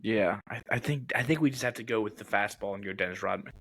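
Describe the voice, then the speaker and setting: A man co-hosting a podcast, answering trivia in a casual chat with quick, jokey guesses and short agreements. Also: fairly low pitch, fairly bright tone, dry recording.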